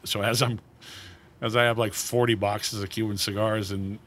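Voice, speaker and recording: A man's voice: lowish voice, flat delivery, moderate pace, fairly bright tone, a little hiss or hum. A man being interviewed, telling casual stories and acting out the voices of people he quotes. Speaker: cigar brand founder, guest.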